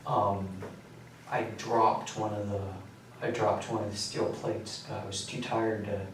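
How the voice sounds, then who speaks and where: Teen male suspect, halting and quiet; distant mic, echoey room, faint hiss. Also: lowish voice, flat delivery. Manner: quiet, halting, with many fillers. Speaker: suspect under interrogation. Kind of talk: recounting events in a police interview. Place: interrogation room.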